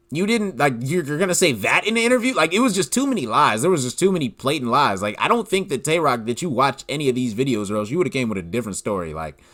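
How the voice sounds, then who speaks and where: A man hosting a solo commentary podcast, talking in an animated, incredulous way and filling his speech with "like". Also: medium pitch. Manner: animated, incredulous, leans heavily on "like". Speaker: podcast host.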